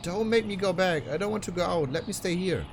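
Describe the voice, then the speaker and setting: A man's voice: a little fast, slight background noise. A man voicing a frightened teenage girl idol in a game, pleading in a raised voice. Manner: high pleading voice.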